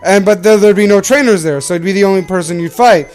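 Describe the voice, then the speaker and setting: Speaking fast in a high voice with a darkish tone, a young Canadian let's play host gives casual commentary on his game. He rambles and self-corrects over soft background music.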